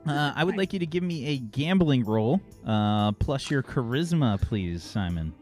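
A man's voice: medium pitch, animated, unhurried, darkish tone, soft background music. A man from the United States running a tabletop game as game master, talking loosely with many fillers.

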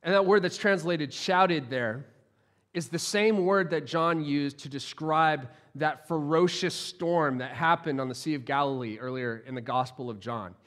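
Conversational pastor with a higher voice. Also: male voice, fairly bright tone. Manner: conversational, playful, with frequent restarts. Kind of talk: sermon.

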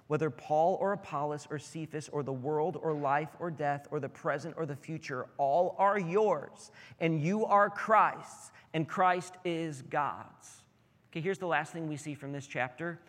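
Earnest male pastor in a reverberant hall. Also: on the high side. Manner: earnest, rising to emphatic peaks. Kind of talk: sermon. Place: church sanctuary.

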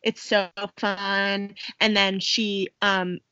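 A young woman co-hosting a podcast, chattily recapping a movie with quick acted-out quotes. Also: mid-range voice, little pitch movement, bright, forceful tone, smooth, no room sound, muffled recording. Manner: chatty, quick quoted voices, laughs often. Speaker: podcast co-host. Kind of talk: casual chat recapping a movie.

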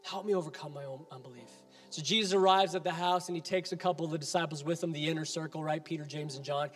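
Man, pastor, high voice, sermon, long reverb. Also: flat delivery, fast, faint music behind. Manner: emphatic, builds to rising repeated appeals.

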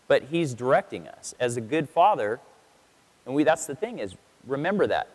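A man's voice: mid-range voice, sing-song, moderate pace, a little mellow, slightly rough. A man preaching a casual sermon as a pastor, telling stories and acting out quotes in different voices. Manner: chatty storytelling, acts out quotes in voices. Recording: long reverb of a hall.

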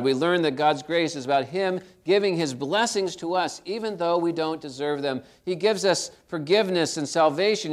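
Guy preaching a sermon, tells stories, fairly high voice, goes loud then quiet. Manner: storytelling, swings between loud and soft. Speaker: pastor.

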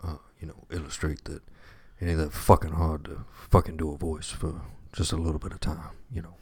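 A man's voice: a bass voice, little pitch movement, brisk, husky, no room sound. A man co-hosting a podcast in casual chat, dry and joking, swearing casually. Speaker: podcast co-host.

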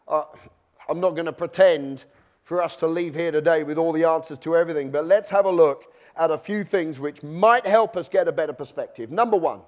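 High-voiced preacher, chatty sermon. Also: male voice. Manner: conversational, acts out worried believers' voices. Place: church.

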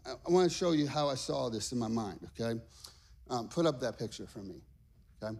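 A middle-aged man pastor preaching a lively sermon to a congregation, energetic and repeating "okay?" and "all right" often. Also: medium pitch, a little fast, creaky. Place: church stage before a congregation.

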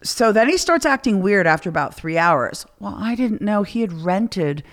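Profane, animated woman podcast host. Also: medium pitch, moderate pace. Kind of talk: casual chat.

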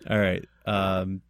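A man's voice: sits low, noisy background. A man co-hosting a casual film chat, who keeps breaking into laughter mid-sentence. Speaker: podcast co-host. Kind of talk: casual chat about films.

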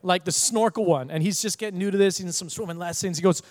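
A young pastor with a notably high voice tells animated, humorous stories from the pulpit. His sermon rings out in a large, reverberant hall. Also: quick pace. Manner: animated storyteller, quieter and earnest when preaching. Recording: echoey hall.

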